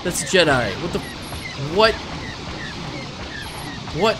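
A man doing let's play commentary, excitable and swearing often as he talks back to the game. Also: fairly high pitch, slow, long pauses, background noise. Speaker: gameplay commentator. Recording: game music underneath.

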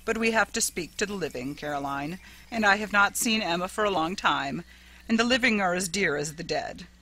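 Woman reading as a suave, gently menacing man. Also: lively intonation, brisk, heavily acted, low-quality recording. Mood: smooth, guarded. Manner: deep, gentle, smooth delivery. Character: suave, calm middle-aged man, quietly menacing. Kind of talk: audiobook reading.

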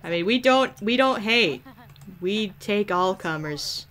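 A woman's voice: mid-range voice, lively intonation, takes it slowly, a bit bright. A woman giving casual gameplay commentary, sarcastic and profane, ordering game characters around and muttering asides. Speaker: gaming YouTuber.

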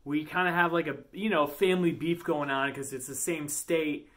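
Chatty, goofy cooking host. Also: male voice, fairly high pitch, steady tone, normal speed, fairly bright tone. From Lower Peninsula of Michigan. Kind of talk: casual cooking vlog.

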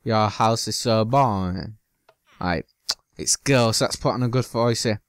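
A man's voice: fairly low pitch, a little slow, no room sound, clean studio sound. Jokey man narrating a block game. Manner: loose and jokey, swears, slips into silly bits. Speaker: gaming channel host. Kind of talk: casual gameplay commentary.

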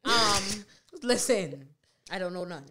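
A young woman co-hosting a podcast in casual chat, blunt and quick with her comebacks. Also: lowish voice, expressive, a loud crowd. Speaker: podcast co-host.

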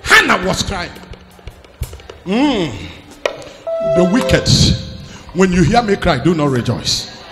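A man preaching a charismatic sermon, shouting declarations and filling pauses with a repeated "uh", with faint music behind. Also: high-pitched, big pitch swings.

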